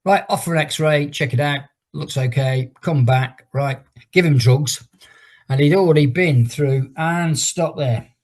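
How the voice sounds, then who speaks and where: This middle-aged fitness teacher speaks at a measured pace in a fairly high, darkish voice while leading an exercise class online via video call. His long, wandering tale keeps getting interrupted as he counts down every move.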